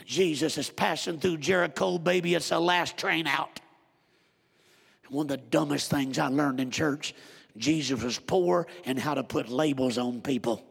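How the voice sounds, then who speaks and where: A man preaching a sermon, telling a Bible story with animated direct address to his congregation in a church. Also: on the high side, vocal fry, slightly rough, big-room sound.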